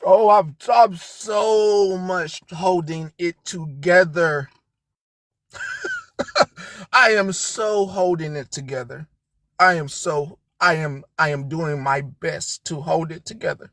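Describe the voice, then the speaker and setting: A woman hosting a livestream, ranting with heavy profanity and swinging between low, muttered lines and shouted outrage. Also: slow, no echo. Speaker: livestream host. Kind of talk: heated livestream rant.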